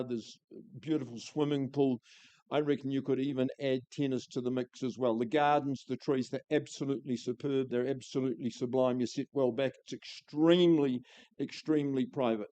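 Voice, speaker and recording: A man's voice: medium pitch, warm tone, clear, resonant tone, dry recording. A man with a New Zealand accent calling a live property auction, with a florid, enthusiastic sales patter.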